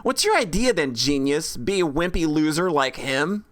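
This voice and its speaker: Woman doing a mad teen girl from a game, blunt and defiant, bouncy pitch, music playing. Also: sing-song, normal speed. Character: angry hotheaded teenage girl twin.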